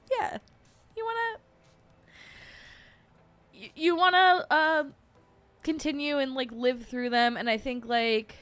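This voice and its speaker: A woman's voice: a little high, a bit bright. A woman hosting a casual livestream chat, rambling with lots of fillers and laughing often as she gets emotional. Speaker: podcast host.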